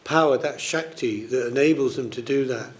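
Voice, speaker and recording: A man's voice: mid-range voice, moderate pace. A man leading a scripture study group, explaining verses casually with many fillers. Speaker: class leader.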